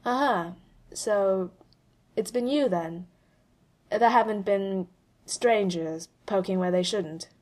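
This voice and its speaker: A woman's voice: medium pitch, takes it slowly, pauses often, a little mellow. A woman voicing a brash male genius inventor who talks casually and sounds worried about his AI. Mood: wary.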